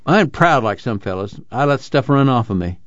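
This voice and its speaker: A man's voice: medium pitch, animated, brisk, no echo, close to an everyday voice. A shy, guarded young ex-convict who answers in terse, plain rural dialect, as a man reads him. The recording is dull and lo-fi, with a dry, close sound.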